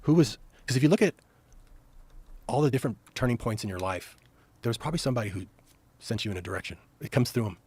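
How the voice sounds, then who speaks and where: A man's voice: medium pitch, lively intonation, fast, pauses often, a little mellow, breathy edge. A middle-aged man telling stories animatedly and emphatically as a podcast guest on a studio mic. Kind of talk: storytelling conversation.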